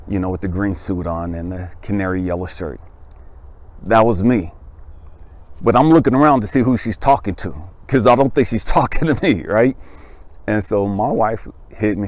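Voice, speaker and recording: A man telling a personal story as a motivational speaker, casual and animated, laughing and checking in with the listener, his voice jumping high when he gets emphatic. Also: moderate pace, no room sound. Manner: voice jumps much higher and louder when he is emphatic. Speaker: motivational speaker and life coach.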